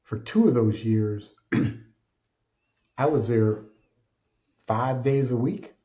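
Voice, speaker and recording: A middle-aged man tells his story with candor, his voice dark and mellow. He speaks in an earnest, colloquial way and grows animated in places. The recording is dull and slightly lo-fi. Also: medium pitch, drawn-out words. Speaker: podcast guest. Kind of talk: candid personal storytelling. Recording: dull lo-fi sound.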